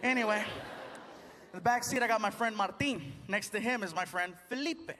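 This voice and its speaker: A man telling a long story on stage in animated stand-up style. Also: high voice, normal speed. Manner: animated, laughing at his own story. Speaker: stand-up comedian. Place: stage before a live audience. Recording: noisy live show recording.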